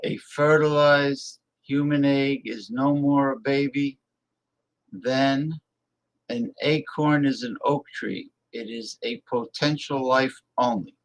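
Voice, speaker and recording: A blunt male host talking politics on a casual livestream, reading viewer messages aloud. He speaks emphatically and repeats words to hammer his points home. His pace is slow and drawn out, and his voice sits at an ordinary middle pitch. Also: steady tone, rough recording.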